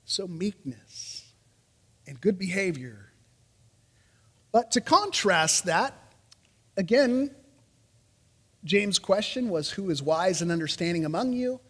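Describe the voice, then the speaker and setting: A man preaching a sermon as pastor, reading scripture with animated emphasis and dropping casual asides. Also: high voice, takes it slowly, pauses often, slightly rough, long reverb tail.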